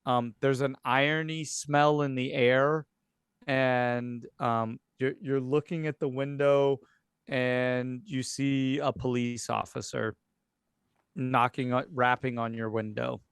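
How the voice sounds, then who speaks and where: Game master, male, smooth voice, halting narration, dry mic. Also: medium pitch, steady tone, dry recording. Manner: hesitant, many fillers and restarts.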